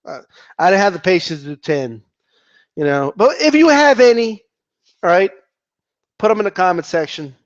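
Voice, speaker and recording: A man rants on a casual vlog in a high voice that swings up and down a lot. He swears freely and often restarts his sentences. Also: moderate pace, pauses often, highs cut off. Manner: animated, profane, rambling with restarts. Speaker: boxing commentator.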